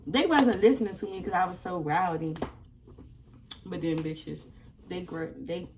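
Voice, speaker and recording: A young woman vlogger telling a story in a casual, animated and profane way, often laughing. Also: lowish voice, a little slow, noisy background.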